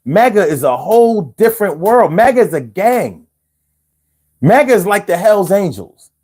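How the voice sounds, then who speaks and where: A man's voice: sits high, sing-song, moderate pace, a little mellow, slightly rough. A man hosting a live stream, ranting casually and with lots of swearing while he talks straight to the viewers in chat. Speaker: livestream host.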